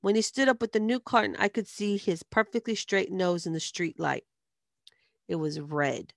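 A woman reading a novel aloud in first-person narration, with steady storytelling. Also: medium pitch, moderate pace, creaky, no echo, clean studio sound.

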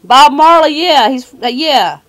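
A woman's voice: high-pitched, lively intonation, unhurried, fairly bright tone. A woman on a recorded phone call, confronting and mocking a caller in a sassy, challenging way. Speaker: caller baiting phone scammers.

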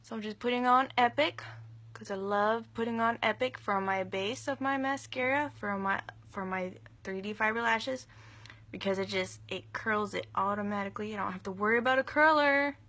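A woman's voice: mid-range voice, normal speed, pushed and bright. A young woman giving a chatty, enthusiastic live makeup tutorial, gushing over the products she uses. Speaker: makeup vlogger.

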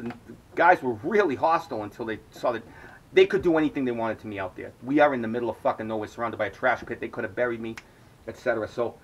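On his own podcast, a middle-aged man with a mid-range voice tells a long, rambling story packed with swearing. The recording quality is low.

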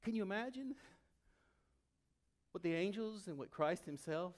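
A male pastor preaching a sermon, animated, swinging from loud exclamations to quiet, intimate asides. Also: sits high, a little slow.

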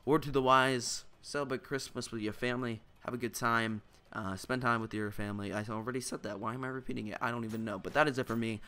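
A man's voice: mid-range voice, fairly even intonation, fast, hardly any pauses, pushed and bright. A young man giving casual, rambling gameplay commentary, often joking at his own expense. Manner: rambling, self-mocking, restarts often. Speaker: gaming YouTuber.

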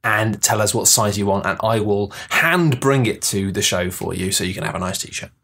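A man co-hosting a comedy podcast, chatting casually with quick jokey asides. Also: fairly low pitch, creaky, fairly bright tone. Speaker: podcast co-host.

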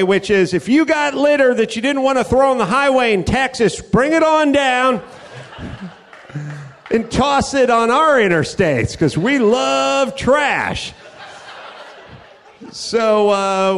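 High-voiced man riffing on stage. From California. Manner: rambling, profane, riffing storyteller. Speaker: host. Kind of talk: live comedic monologue. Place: comedy club stage.

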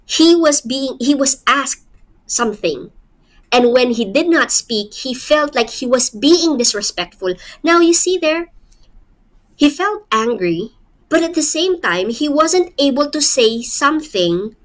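Filipino lady teaching a poem, kinda high voice, talks real slow, asks the class questions as she goes. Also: lively intonation. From Philippines. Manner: explains slowly with rhetorical questions and light laughs. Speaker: literature teacher. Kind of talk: poetry lecture.

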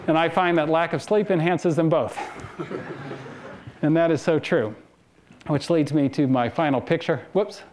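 Casual man giving a talk, higher voice. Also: mellow. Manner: casual, storytelling, laughs between anecdotes. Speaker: guest speaker. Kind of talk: conference talk with slides. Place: lecture hall.

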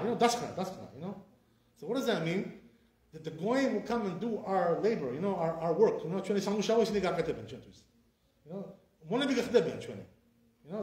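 A man's voice: high voice, roomy sound. A man, a rabbi teaching an informal Torah class with conviction and lots of fillers. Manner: animated, repetitive fillers, speaks with conviction.

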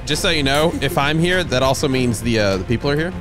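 Male gaming host, jumpy and loud, with game music under him. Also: mid-range voice, quick pace. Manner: excitable, shouts and yelps in panic. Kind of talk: excited multiplayer gameplay chat.

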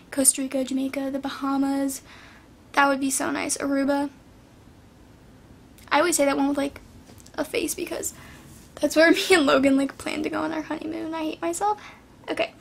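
A teenage girl vlogger chatting casually through viewer questions, her voice still hoarse from a sinus infection, rambling with constant "like" fillers. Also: high-pitched. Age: teens. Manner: rambling, filler-heavy, lots of "like".

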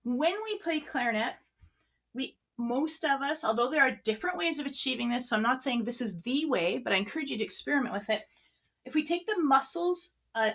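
A woman with a slightly high, somewhat bright voice leads an online clarinet workshop, sitting a few feet from her microphone. Friendly and practical, she explains breathing and tone while demonstrating as she talks.

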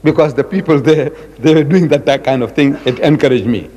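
A man from South Africa giving a public religious lecture, dramatic and animated with lots of repetition. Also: a little high, brisk, big-room sound. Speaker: Islamic lecturer.

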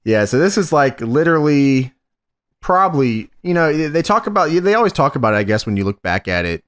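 A man co-hosting a casual podcast, talking in a relaxed, rambling way and retelling scenes. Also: fairly high pitch, fairly quick. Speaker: podcast co-host.

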